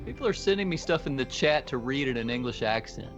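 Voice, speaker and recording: A man's voice: medium pitch, lively intonation, fast, lo-fi sound, faint music behind. A man co-hosting a casual live stream, playful and teasing as he reads the chat aloud. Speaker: co-host.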